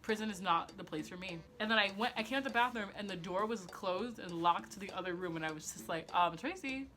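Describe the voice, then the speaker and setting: Bright-voiced young woman telling a story. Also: medium pitch, fast, slight background noise. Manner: chatty and profane, heavy use of "like"; self-mocking, laughing at herself. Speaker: vlogger. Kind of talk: casual storytime.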